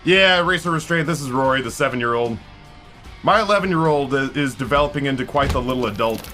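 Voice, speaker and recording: A man's voice: mid-range voice, quick pace, bright, forceful tone, faint music behind. A man in his forties chatting live with his stream viewers, rambling, swearing and greeting people in chat by name. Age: 40s.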